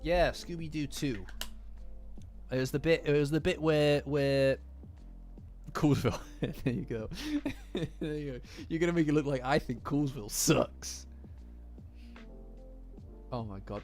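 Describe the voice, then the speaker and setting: A man's voice: fairly high pitch, a little slow, pauses often, darkish tone. Joking English man streaming. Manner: laughing, jokey, swears freely. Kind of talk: casual live-chat commentary. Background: faint lo-fi music.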